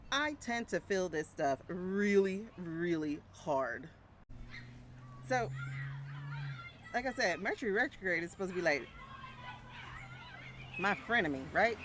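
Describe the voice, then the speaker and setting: A woman's voice: fairly low pitch, a bit bright. Lady in her 40s chatting to y'all outside, phone mic, faint traffic behind. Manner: chatty, laughs often, talks to viewers as y'all. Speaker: brand coach. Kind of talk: casual vlog chat. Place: outdoors by a street. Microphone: small mic plugged into a phone.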